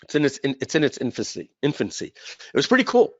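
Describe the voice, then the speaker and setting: A man hosting a live webinar, telling a long story in a chatty, rambling way, with many fillers and throat clearing. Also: mid-range voice, huge pitch swings, quick pace, no room sound. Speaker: webinar host. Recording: dull, dry webinar audio.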